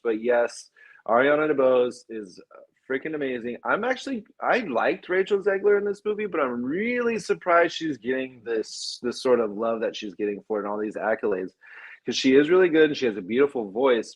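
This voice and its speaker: This is a man hosting a relaxed film chat, a middle-pitched voice that runs on eagerly. He stumbles and restarts his phrases as the ideas spill out. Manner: enthusiastic, rambling, restarts sentences. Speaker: podcast host. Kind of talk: casual film discussion.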